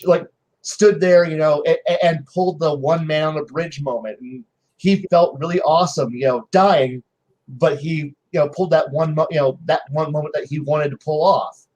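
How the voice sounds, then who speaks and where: A man with a high voice sits on a panel swapping tabletop game anecdotes. He talks in loose casual chat, full of restarts and little acted-out quotes from his players. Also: steady tone, moderate pace, a little mellow.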